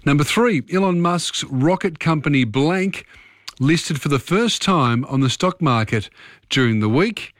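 A man hosting a late-night radio quiz, chatty and quick to laugh. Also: a little high, expressive, no room sound, clean studio sound. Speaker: radio host. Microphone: studio microphone.

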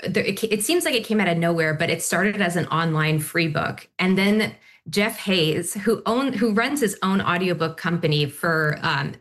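Chatty woman, low-ish voice. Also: a bit bright. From Canada. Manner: chatty, enthusiastic recommending. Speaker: podcast guest. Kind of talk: casual chat.

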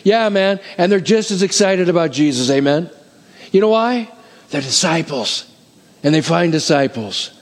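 A middle-aged man preaching a sermon as pastor, who counts off numbers quickly like an auctioneer and then slows down to teach. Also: on the high side. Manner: energetic, rapid counting like an auctioneer. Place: church hall. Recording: long hall reverb.

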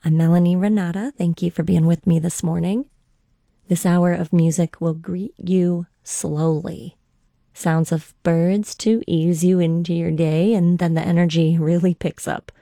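Female classical radio host, warm-toned and slightly gravelly, unhurried. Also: on the low side, steady tone, no echo, studio quality. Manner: gentle, unhurried, welcoming. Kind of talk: classical music radio hosting.

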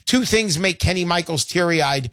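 Brash high-voiced radio host. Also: male voice, normal speed, bright, forceful tone, no echo. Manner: brash, salesy, jokey. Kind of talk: call-in radio talk show.

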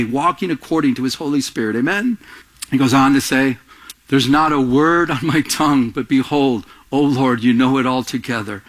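Animated preacher man with a high voice. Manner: animated, swings between soft and raised voice; acts out little scenes with quoted voices. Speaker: pastor. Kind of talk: sermon.

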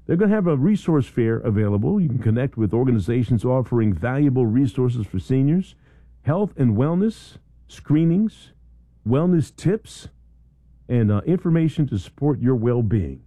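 A man's voice: medium pitch, normal speed, no room sound. A man hosting a talk radio show, chatting loosely and reading event announcements with lots of "you know". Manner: rambling, chatty, lots of "you know" and restarts, bursts of excited shouting. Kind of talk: casual radio chat and announcements. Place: radio studio.

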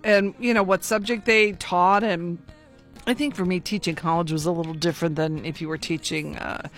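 A woman's voice: lowish voice, steady tone, moderate pace, soft background music. A woman hosting a radio talk show, chatty and full of fillers. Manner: chatty, uses many fillers.

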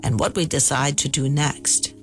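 A woman host narrating and asking interview questions in a measured, scripted radio style. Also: low voice, fairly even intonation, faint music behind.

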